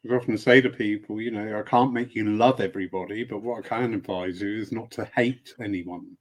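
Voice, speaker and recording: A man's voice: lowish voice, fairly even intonation, a little fast. A man from the United Kingdom hosting a casual live stream about spiritualism, chatty and joking as he greets viewers by name. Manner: chatty, greets viewers warmly, jokey asides. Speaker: host.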